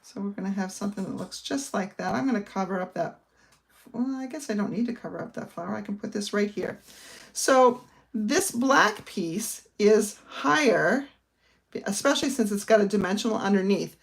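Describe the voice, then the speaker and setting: A woman's voice: mid-range voice, animated, normal speed, creaky. A middle-aged woman from the northern United States, chatting casually as she explains a card-making project step by step. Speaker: papercraft instructor. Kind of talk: casual crafting demonstration.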